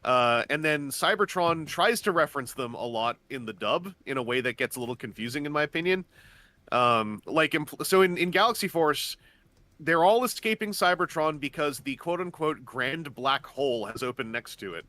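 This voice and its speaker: Bright-voiced man rambling in close, dry sound. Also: a little high, moderate pace, dry recording. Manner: rambling, enthusiastic explainer, many fillers and restarts. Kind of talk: casual gaming-stream chat.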